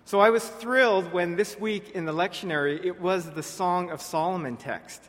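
A man preaching a sermon to his congregation, earnest and direct, often dropping soft on key words. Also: sits high, moderate pace. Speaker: pastor. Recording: long reverb of a large hall.

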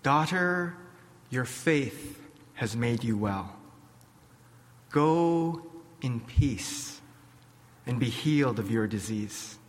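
A man voicing a calm, tender healer. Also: medium pitch, very slow, pauses often, long reverb tail. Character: calm, compassionate male healer teacher.

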